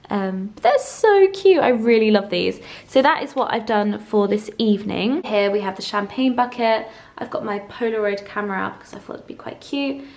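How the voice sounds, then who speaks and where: A young woman with a mid-range, gravelly voice and a darkish tone talks briskly and gushes casually in a lifestyle vlog shot indoors at home. The echoey room carries faint ambience.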